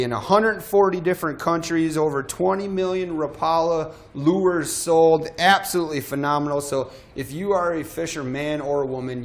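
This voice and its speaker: A man hosting a live shopping show, talking in a chatty, self-deprecating way and often stumbling over his words. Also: fairly high pitch. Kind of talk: live sales pitch.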